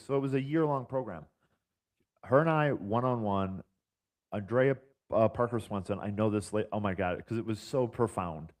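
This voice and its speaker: Animated man telling stories on a podcast. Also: medium pitch. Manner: animated, acts out quoted dialogue; uses fillers like "like" and "you know". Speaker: podcast guest. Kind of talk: casual storytelling chat.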